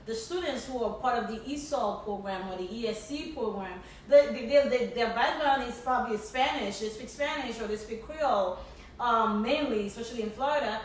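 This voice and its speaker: A woman's voice: a little high, fairly quick, a little hiss or hum. Earnest Haitian-accented woman, echoey room. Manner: earnest, stumbles and repeats words while thinking. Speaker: podcast co-host. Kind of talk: casual podcast discussion. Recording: echoey room, distant mic.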